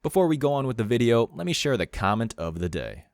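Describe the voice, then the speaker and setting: A man's voice: mid-range voice, sing-song, quick pace, no room sound, studio quality. A man hosting a commentary channel, reading scripted narration in a blunt, mocking way.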